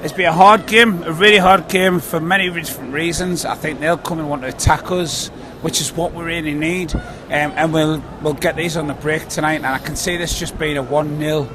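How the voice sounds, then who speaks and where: A man's voice: fairly high pitch, steady tone, moderate pace. A man, giving rambling, earnest predictions about a football match outdoors. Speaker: football fan guest. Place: outdoors on a busy city street. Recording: noisy street background.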